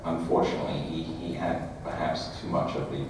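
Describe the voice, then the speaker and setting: Casting: deep-voiced male guest telling animated stories, distant in an echoey convention hall with loud noise. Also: brisk. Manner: animated, laughs through his stories. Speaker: guest actor at a fan panel. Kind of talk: anecdotal storytelling and audience Q&A.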